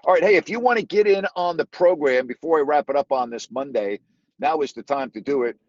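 A man's voice: fairly high pitch, a little fast, no room sound, dull audio. A man hosting a sports call-in radio show, making his points emphatically and repeating them.

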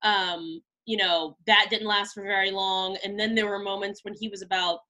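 A woman's voice: medium pitch, fairly even intonation, moderate pace, bright, forceful tone. A woman in her thirties, a podcast guest chatting casually and filling her talk with "like" and "you know". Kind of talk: casual interview chat.

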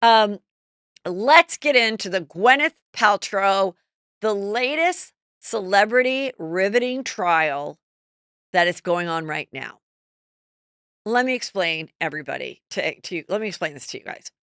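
A middle-aged woman hosting a celebrity gossip podcast, telling stories in a chatty, animated way. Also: medium pitch, measured pace, no echo, studio quality. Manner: chatty, animated storytelling with quoted asides. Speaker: podcast host. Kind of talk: casual celebrity gossip chat.

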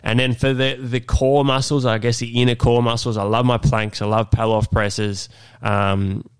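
A man hosting a solo fitness podcast, talking in a loose, relaxed way with lots of fillers. He sounds nasal and congested from being unwell. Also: mid-range voice, moderate pace, smooth, no room sound. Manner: relaxed, many fillers and restarts.

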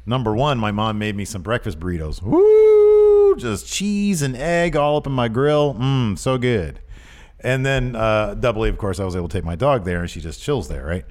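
A man's voice: on the low side, fairly quick, hardly any pauses. A man co-hosting a podcast, chatting casually in a rambling, jokey way. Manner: rambling, animated, jokey asides. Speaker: podcast co-host.

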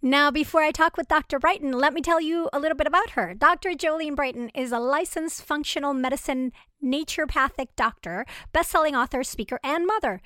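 A woman's voice: high-pitched, fairly quick, few pauses, fairly bright tone, no echo, studio quality. A woman hosting a podcast, reading an upbeat introduction and asking questions in an enthusiastic, casual way with small laughs. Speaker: podcast host.

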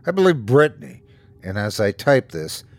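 A man hosting and narrating a first-person horror story in a steady, scripted storytelling manner. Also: on the low side, normal speed, dry recording. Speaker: host and narrator.

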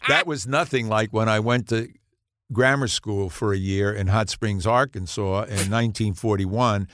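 A man in his eighties, a podcast guest, telling anecdotes in an animated way and laughing at his own punchlines. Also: fairly low pitch, moderate pace, dry recording, studio quality. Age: 80s. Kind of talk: storytelling in a podcast interview.

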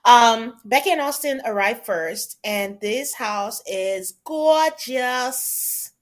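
A young woman talks in a relaxed, chatty podcast style, recapping episodes and slipping into quick put-on voices when she quotes people. Her voice sits a little higher than most women's. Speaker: podcast co-host. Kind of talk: casual recap chat.

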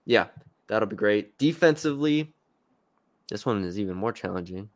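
A man's voice: fairly low pitch, fairly bright tone, smooth, no room sound. A man co-hosting a sports podcast, talking casually and hedging with fillers and restarts.

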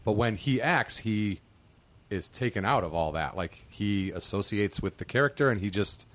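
A man's voice: fairly low pitch, animated, normal speed, a bit bright. A man who is a guest on a podcast, chatting casually and reacting in short bursts. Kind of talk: casual chat.

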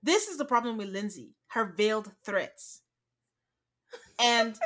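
Casual woman recapping a reality show. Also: on the high side. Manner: retells scenes by quoting people in a flat, drawn-out voice. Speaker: podcast co-host.

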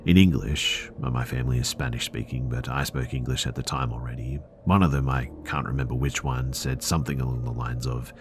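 A man with an extremely low, deep voice reads first-person horror stories aloud, measured and earnest. A faint hiss sits under his narration. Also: steady tone. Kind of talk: scripted narration of listener stories.

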